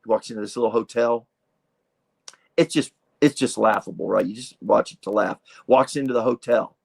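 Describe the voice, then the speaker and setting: A man in his sixties hosts a casual live stream and rambles through viewer comments in a chatty, easygoing way. His voice has a gravelly edge, and it sounds dry and close. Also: mid-range voice, normal speed, a little mellow, no room sound. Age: 60s. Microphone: streaming setup mic.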